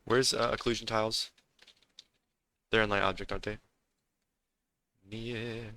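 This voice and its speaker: Bright-voiced man muttering while coding. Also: fairly low pitch, flat delivery, unhurried. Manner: mutters to himself while coding, hums and sings snatches. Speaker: streamer. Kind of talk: casual live-coding stream.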